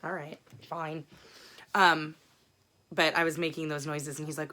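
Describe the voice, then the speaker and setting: A chatty woman with a voice that sits a little low and still has a bright, tense edge. She wanders through her stories in a frank, rambling way and swears freely, talking to her viewers like friends. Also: measured pace. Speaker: book vlogger. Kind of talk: casual chat.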